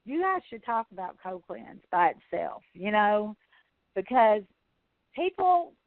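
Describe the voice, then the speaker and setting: Her mid-range voice carries a chatty, folksy storytelling style as she rambles casually while hosting a sales training call. The sound is dry, over a tinny phone line.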